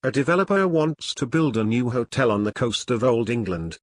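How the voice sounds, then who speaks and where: A man's voice: medium pitch, expressive, moderate pace, dry recording, clean studio sound, lightly acted. A man voicing a sweet, friendly young Irish woman in an audiobook, chatty and forward.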